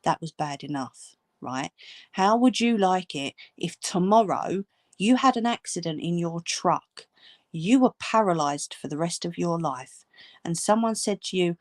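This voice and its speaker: A woman's voice: fairly low pitch, a little slow, dry recording, clean studio sound. A woman ranting angrily at viewers, swearing and scolding. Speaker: channel host. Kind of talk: angry direct-to-camera rant.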